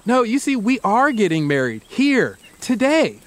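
A man doing a strangely calm deluded groom. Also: sits high, moderate pace, voice pushed up. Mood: serenely calm. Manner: calm, almost too calm, faltering.

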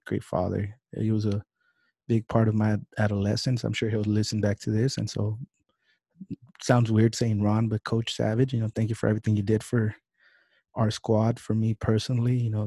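A young man hosting a podcast over a video call, chatting casually and acting out quotes in a louder voice. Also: on the low side, breathy edge, no room sound. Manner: animated, acts out quotes in a raised voice. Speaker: podcast host. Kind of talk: casual interview chat.

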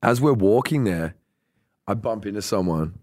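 A man's voice: on the low side, expressive, normal speed, a little mellow, no room sound, clean studio sound. An Australian man hosting a podcast, telling a long story in loose, casual speech full of swearing. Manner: loose, swearing, acts out quoted voices. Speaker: podcast host.

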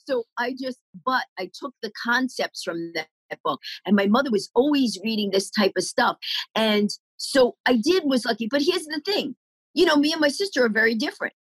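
A middle-aged woman comedian telling life stories in an interview, animated and acting out the voices of the people she quotes. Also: fairly high pitch, moderate pace, husky, no room sound, poor audio. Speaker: comedian guest. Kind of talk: storytelling interview answers.

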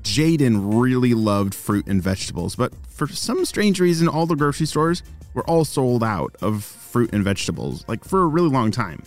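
A man's voice: medium pitch, sing-song, moderate pace, soft background music. A man hosting a children's podcast, narrating a story in a chatty way and talking directly to young listeners. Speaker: storyteller and host of kids' podcast.

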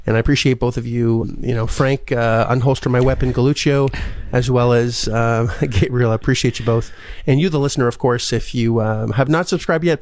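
A man's voice: mid-range voice, no echo. A man hosting a podcast, chatting casually with an upbeat manner and closing the show. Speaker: podcast host. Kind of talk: casual chat and sign-off.

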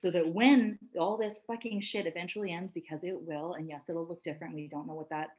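A woman's voice: fairly low pitch, fairly even intonation, fairly quick, a little mellow, poor audio. A woman coach on a podcast, talking emphatically in casual chat, swearing and laughing often.

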